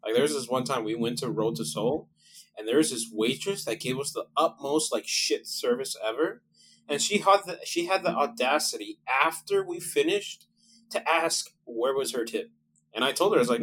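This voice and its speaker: Man, podcast guest, rambling, laughs a lot, middle pitch. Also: brisk, a bit bright, slight background noise, low-quality recording. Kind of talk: casual chat.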